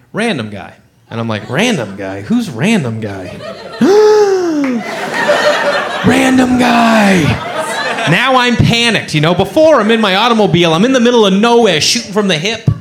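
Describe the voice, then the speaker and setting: A man doing stand-up at a club mic, his voice set high for a man. He swoops wildly up and down as he tells a story. He keeps slipping into the voices of the people in it. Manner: animated, acts out voices. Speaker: stand-up comedian. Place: comedy club stage.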